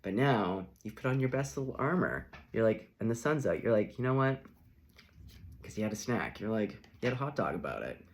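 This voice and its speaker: A man with a lowish voice gives a tarot reading in a relaxed, chatty way. His pitch swoops around a lot, and he slips into playful little acted reactions as he talks through each card. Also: a little hiss or hum. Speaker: tarot reader.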